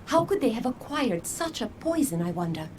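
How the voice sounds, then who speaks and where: A man's voice: very high-pitched, big pitch swings, normal speed, slight background noise, pitched above the performer's own voice. A man voicing an earnest female healer. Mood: concerned. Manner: formal, old-fashioned speech. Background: game music.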